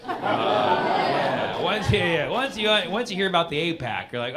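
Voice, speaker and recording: Male stand-up comic, slightly high voice, conversational delivery, live club sound. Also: very animated, a little slow. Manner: conversational, builds to loud punchlines. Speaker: stand-up comedian. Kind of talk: stand-up comedy set. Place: comedy club stage. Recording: live club mic with audience noise.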